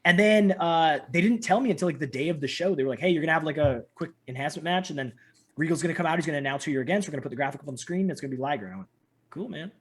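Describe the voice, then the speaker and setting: Fast-talking husky man telling stories. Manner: animated, acts out quotes with big pitch jumps. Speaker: guest. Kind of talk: casual storytelling interview.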